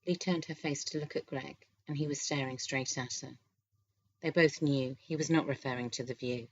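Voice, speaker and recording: A woman reads a romance novel aloud in a calm, steady manner. Her voice is low. The recording has a slightly dull, lo-fi sound. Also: normal speed, husky. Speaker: audiobook narrator. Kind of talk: scripted narration.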